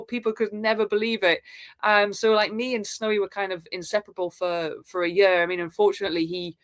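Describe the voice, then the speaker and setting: A woman, a podcast guest, telling personal stories in an earnest, spiritual way with halting restarts and fillers. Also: medium pitch, little pitch movement. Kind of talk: reflective personal storytelling.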